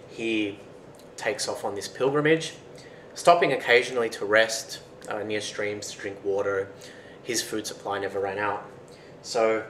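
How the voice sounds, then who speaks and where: A man's voice: on the low side, fairly bright tone. A man retelling a folktale in a casual, conversational way, in a roomy recording with faint noise. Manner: casual, conversational narration with fillers. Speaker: storyteller.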